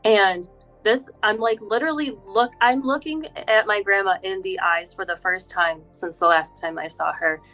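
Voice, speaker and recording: A woman from Upstate New York, a spiritual healer, telling her story as a podcast guest in an animated way with quick laughs. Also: medium pitch, soft background music, poor audio. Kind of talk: casual interview chat.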